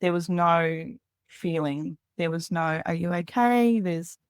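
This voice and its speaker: A woman's voice: fairly low pitch, slow, smooth, dry recording. A woman in her thirties, a podcast guest, telling a personal story candidly in a rambling way with lots of "like".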